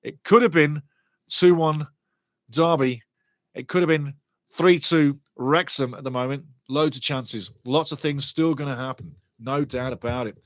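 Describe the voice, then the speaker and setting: A fairly high-voiced man calls a football match live as a fan, animated and partisan. He reacts loudly to refereeing decisions and reads out chat messages between plays. His voice sits close and dry on the mic, with no room sound. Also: unhurried, no echo. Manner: excitable, partisan, reads chat comments aloud. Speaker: fan watch-along commentator. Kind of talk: passionate live match commentary.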